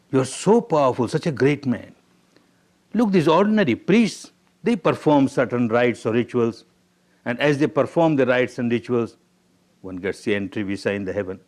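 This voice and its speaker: Man doing a grieving young man, Indian English accent, begging and flattering, in a spoken parable; his own everyday voice. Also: mid-range voice, normal speed, long pauses, lightly acted. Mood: pleading.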